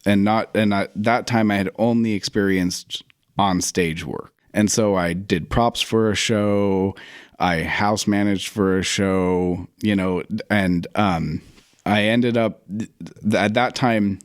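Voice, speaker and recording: A man's voice: fairly low pitch, steady tone, takes it slowly, dry recording, clean studio sound. A man speaking as a guest writer and theater director in a casual interview, telling stories and acting out his own past remarks as he goes. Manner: reflective storyteller who acts out his own past remarks.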